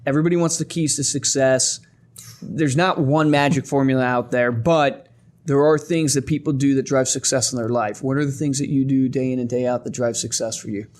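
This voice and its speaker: A man's voice: medium pitch, fairly even intonation, a little fast, a little mellow. A man co-hosting a casual podcast, enthusiastic and chummy, agreeing often and asking questions. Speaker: podcast co-host.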